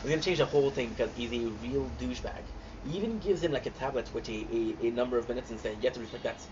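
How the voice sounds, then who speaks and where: A man recapping TV episodes in casual, excitable talk, gushing with lots of fillers and restarts. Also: medium pitch, rapid-fire. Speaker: host reacting to a TV series. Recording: dull lo-fi sound with clear background noise.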